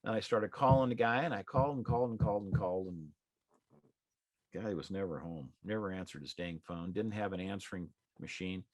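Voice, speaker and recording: A man's voice: low-pitched, fairly quick, no room sound. A middle-aged man, a real estate exam prep instructor, telling an anecdote in a folksy, conversational way and acting out the dialogue. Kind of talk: anecdotal storytelling in a live class.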